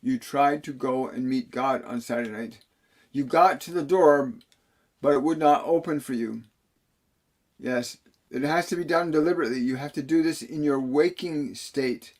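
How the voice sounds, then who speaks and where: A man of middling pitch hosts a live channeling session. He speaks earnestly and warmly to his viewers, repeating key phrases for emphasis and laughing softly between answers. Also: moderate pace. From Canada. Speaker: spiritual medium.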